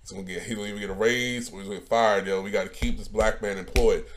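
A man's voice: on the low side, fairly even intonation, racing, a little hiss or hum. A man hosting a podcast, joking and slangy in casual chat. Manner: laid-back, joking, slangy. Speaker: podcast host.

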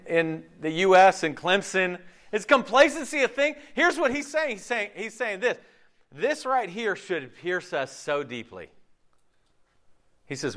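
A man's voice: high voice, a bit bright. A man preaching a sermon in a casual, conversational way, peppering his points with rhetorical questions and acting out quoted voices. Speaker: pastor.

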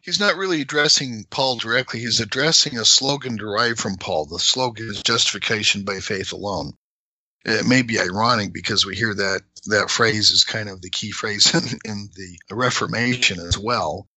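A middle-aged man explaining scripture in a measured, conversational way, sometimes emphatic. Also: on the low side, pushed and bright, no echo, low-quality recording.

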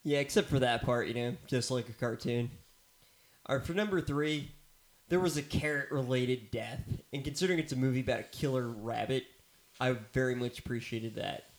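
A man's voice: medium pitch, moderate pace. Male co-host, mid-range voice, dry humor, filler-heavy. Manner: dry, joking asides with many fillers. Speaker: movie review co-host. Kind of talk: casual chat.

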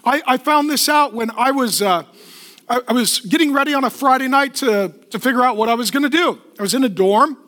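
A middle-aged male pastor preaching a sermon, with emphatic rhythmic repetition and lively storytelling asides. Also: very high-pitched, a little fast.

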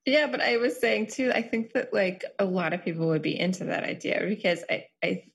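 A woman's voice: mid-range voice, lively intonation, brisk, vocal fry, husky. A woman chatting casually, rambling along with many "like" fillers. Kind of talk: casual chat.

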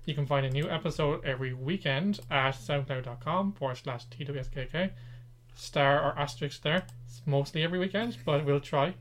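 A man with an Irish accent co-hosting a chatty podcast, reading show plugs in an even, announcer-like way. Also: a little high, fairly quick, slight background noise. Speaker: podcast co-host. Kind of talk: casual chat with show plugs.

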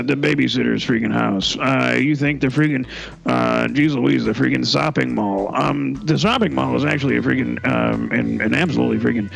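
A man's voice: medium pitch, gravelly. A man co-hosting a comedy radio show, rambling through stories with hesitant fillers and "freaking" in every phrase. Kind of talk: rambling comic storytelling.

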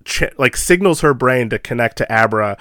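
Excitable laughing man on a film podcast. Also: mid-range voice, normal speed, no room sound, studio quality. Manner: excitable, laughs often, rambling fillers. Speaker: podcast co-host. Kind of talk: casual chat about a film.

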